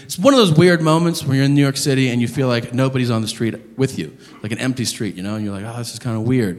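A man performing a stand-up comedy set, telling a story loudly and incredulously and shouting out the lines he acts out, on a club stage with the audience laughing. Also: medium pitch, fast talker. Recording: reverberant live venue with crowd noise.

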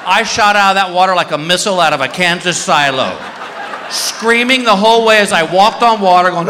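A stand-up comedian, a man, telling an animated story and acting out voices and screams on a live stage. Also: sits high, brisk, noisy background. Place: comedy stage before an audience. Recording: live stage in a hall with crowd laughter.

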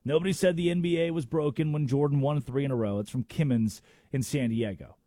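A man's voice: on the high side, brisk, mellow, dry recording, studio quality. A man hosting a sports talk radio show, making emphatic arguments with rhetorical questions.

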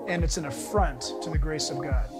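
A male pastor preaching a sermon, animated, voice rising with emphasis and dropping low and quiet at phrase ends. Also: a little fast, over loud music. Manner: animated preaching, pitch swings up and down.

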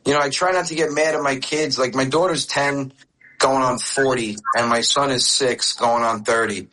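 A man's voice: medium pitch, fairly even intonation, moderate pace, sharp tone, poor audio. A man in his forties, raised in the United States, talking as a radio interview guest and telling candid stories with many restarts. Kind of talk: casual interview chat.

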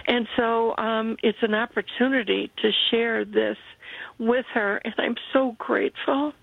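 A woman calling in to a Christian radio show, earnest and grateful, speaking haltingly. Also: a little high, fairly even intonation, vocal fry, husky, dry recording. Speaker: caller. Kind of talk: phone call to a radio show. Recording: tinny phone line.

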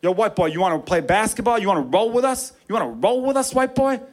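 Guy putting on a high loud teen ringleader, mocking, stand-up comedy voice. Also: animated, fast. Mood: teasing. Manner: loud, teasing, high-pitched. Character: cocky teenage leader of a pickup crew.

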